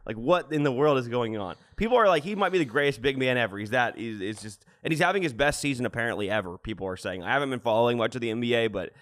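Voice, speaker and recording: A man's voice: medium pitch, fast talker, few pauses, no echo. Chatty man in dry podcast talk. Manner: relaxed, chatty, swears. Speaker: podcast co-host. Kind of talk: casual sports chat.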